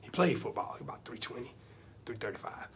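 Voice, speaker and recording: A man doing live comedy storytelling, animated and repeating himself for effect. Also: medium pitch, quick pace, a little hiss or hum. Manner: animated, vernacular storytelling with repetition. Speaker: stand-up comedian.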